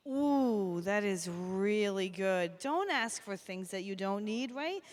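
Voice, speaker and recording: A woman's voice: medium pitch, lively intonation, slow pace. A woman on school staff addressing young children at an assembly in an upbeat, encouraging manner.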